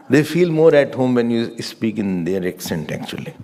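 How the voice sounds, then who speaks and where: A man's voice: medium pitch, big pitch swings, slow, warm tone. A man giving a scripture class lecture as a Vedanta teacher, patiently repeating his points for emphasis.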